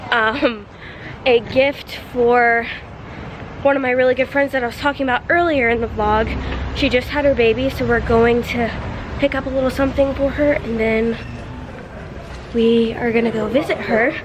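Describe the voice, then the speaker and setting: A woman's voice: on the high side, steady tone, moderate pace, noisy background. A pregnant woman in her twenties chatting casually for a family vlog. She gushes and rambles emotionally, with lots of fillers. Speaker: family vlogger.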